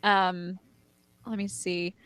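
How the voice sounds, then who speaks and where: A woman co-hosting a casual podcast chat, friendly and quick to laugh, talking in loose run-on sentences. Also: lowish voice, level tone, a bit bright, smooth, dry recording. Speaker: podcast co-host.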